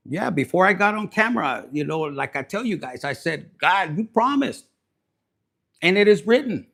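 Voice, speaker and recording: A man's voice: sits high, a bit bright. A man giving a casual tarot reading to camera, blunt, fired-up and full of swearing. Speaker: tarot reader.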